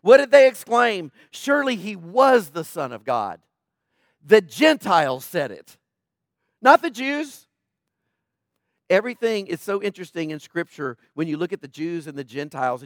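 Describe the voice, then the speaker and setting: A middle-aged preacher delivers an emphatic yet conversational sermon in a high voice with big pitch swings at normal speed. He repeatedly poses questions to his listeners, and the recording is dry and close.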